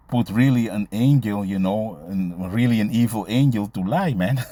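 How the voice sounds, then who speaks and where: A man preaching and reading scripture aloud in a loose, halting way, tagging his lines with "man" and "you see". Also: fairly low pitch, a little mellow, no room sound. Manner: halting, with many fillers and restarts while finding verses. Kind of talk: casual scripture teaching, reading verses aloud.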